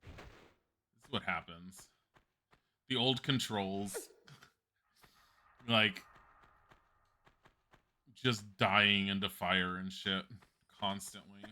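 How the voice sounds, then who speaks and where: Bright-voiced chatty male streamer. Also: on the low side, steady tone, extremely slow, long pauses. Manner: rambling, chatty, laughs often, swears casually. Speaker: live streamer. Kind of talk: casual gameplay commentary.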